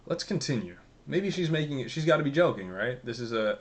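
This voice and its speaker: A man talks straight to his viewers in a loose, rambling rant. He is sarcastic and profane, and his voice sits at an ordinary middle pitch. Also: quick pace, few pauses. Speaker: commentary vlogger. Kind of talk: casual ranting commentary.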